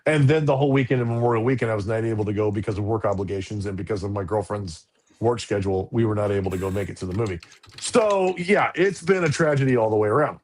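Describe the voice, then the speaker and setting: Animated middle-aged man telling a story. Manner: animated storyteller, quick pitch jumps. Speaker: podcast co-host. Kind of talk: casual chat.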